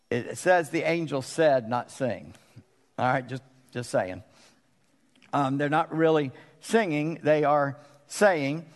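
A man preaching in a casual, talky way, his fairly high voice rising when he is excited and sinking low for the serious points. The sound rings out with a long church-hall reverb. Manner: conversational, animated preaching with sudden drops to a low voice. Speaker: pastor. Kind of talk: sermon. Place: church sanctuary.

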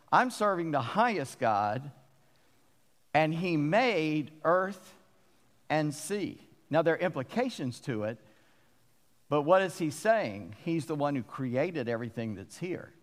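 A man's voice: medium pitch, long reverb tail. A man preaching a sermon as a pastor, folksy and self-deprecating, telling stories between verses.

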